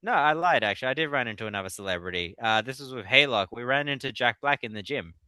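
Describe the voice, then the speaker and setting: A man, a guest author in a casual interview, telling animated stories and laughing often. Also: mid-range voice, fast talker, clean tone, no echo. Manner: animated storyteller.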